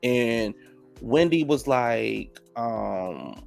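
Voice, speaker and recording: Recap host, male, gravelly voice, mid pitch, gossipy and profane, faint music behind. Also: expressive, extremely slow. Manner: gossipy, profane, reacts loudly to the drama. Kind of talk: casual episode recap.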